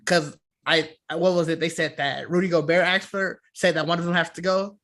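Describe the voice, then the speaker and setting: A man co-hosting a casual sports podcast over a video call, relaxed, mostly giving short agreeing replies. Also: fairly high pitch, moderate pace. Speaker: podcast co-host.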